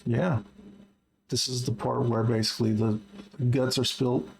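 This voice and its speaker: Gravelly man casually recapping a book. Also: medium pitch, little pitch movement, measured pace, slight background noise, poor audio. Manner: wry, chatty retelling with asides. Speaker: book journal vlogger.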